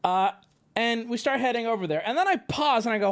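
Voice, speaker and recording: A male streamer spinning a casual story. He rambles and mocks himself, tripping over restarts. His pitch rises and falls in a lively way. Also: brisk, clean tone. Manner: rambling, self-mocking, stammering restarts. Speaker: streamer host.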